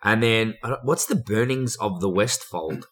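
A man in casual podcast chat, with animated, laughing banter. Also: fairly low pitch, moderate pace.

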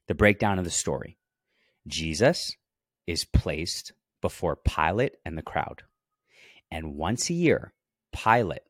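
A man's voice: low-pitched, dry recording, studio quality. A man hosting a Bible teaching podcast. He reads scripture aloud and stops often to stress key words and press his listeners to take them in.

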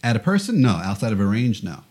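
Man, from the US, low voice, easygoing, interview guest. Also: big pitch swings, fast talker, a little mellow, slightly rough. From United States. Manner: easygoing, short agreeing answers. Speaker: English teacher, interview guest. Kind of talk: casual interview chat.

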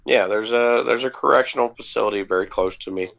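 A man with a gravelly, low-fried voice at an ordinary pitch spins a rambling anecdote in an easygoing, profane way, dotted with ums. The audio is dull and lo-fi, like a home podcast recording. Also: quick pace, fairly bright tone. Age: adult parent. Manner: laid-back, swears freely, many ums. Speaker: podcast co-host. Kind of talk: casual storytelling chat.

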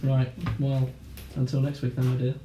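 A man hosting a casual podcast chat, telling animated stories with plenty of swearing and laughter. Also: mid-range voice, normal speed. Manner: animated storyteller, swears freely, laughs often. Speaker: podcast host. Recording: roomy, distant mic, faint hiss.

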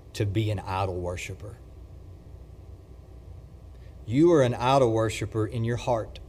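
A man preaching a sermon emphatically, swinging between loud declarations and hushed lines. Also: lowish voice, a little hiss or hum.

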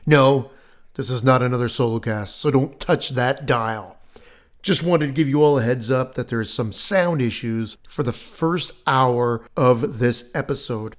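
Deadpan male podcast host announcement. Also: mid-range voice. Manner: deadpan mock-serious.

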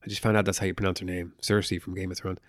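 A man's voice: low voice, level tone, racing, dry recording, clean studio sound. A man giving a casual, rambling movie review, full of swearing and jokey asides.

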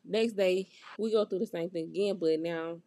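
Her voice is lowish and mellow, moving at a normal speed on a dry recording. She's a young podcast host giving a blunt, profane, candid account of a story and acting out the quoted exchanges.

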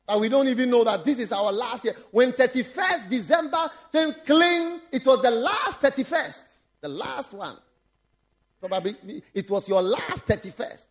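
A man preaching a sermon as a bishop, animated, breaking into laughs and shouts for emphasis. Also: very high-pitched, moderate pace.

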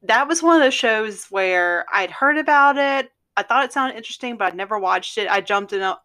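A woman's voice: on the high side, animated, a little fast, sharp tone. A woman co-hosting a podcast in casual chat, chatty with frequent fillers and laughter. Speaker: podcast co-host.

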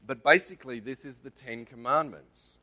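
Australian man, church teaching, bright crisp voice, chatty, keeps asking the room. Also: mid-range voice, moderate pace. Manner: conversational, checks in with the audience. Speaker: lay preacher.

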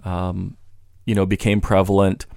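Low-voiced rambling man on a podcast. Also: completely flat delivery, unhurried, gravelly, dark tone, clear, resonant tone, no room sound, clean studio sound. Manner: rambling, many restarts and "you know" fillers. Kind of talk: casual podcast conversation.

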